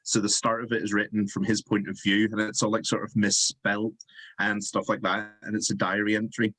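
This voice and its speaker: A man with a fairly low voice talks as a guest author on a book chat. He hesitates often, filling gaps with ums and likes. The recording is dry and close. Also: flat delivery, fairly quick, pushed and bright, no room sound, rough recording. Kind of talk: casual chat.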